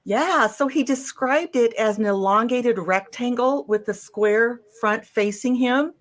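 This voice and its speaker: A woman presenting a witness case as an investigator, going step by step with frequent ums and restarts. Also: fairly high pitch.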